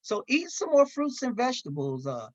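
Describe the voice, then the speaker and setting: A man's voice: very high voice, huge pitch swings, normal speed. A man leading a seminar in a folksy, chatty way, often stopping and restarting his sentences. The sound is dull and muffled, recorded dry and close with no room echo. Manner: conversational, folksy, with frequent restarts and light laughs. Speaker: seminar presenter. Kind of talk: informal seminar talk.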